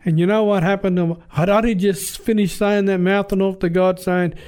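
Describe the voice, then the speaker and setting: A man's voice: high-pitched, little pitch movement, normal speed, darkish tone, smooth, faint music behind. An Australian man telling a personal story in an earnest, plain-spoken, conversational way. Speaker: guest telling his testimony.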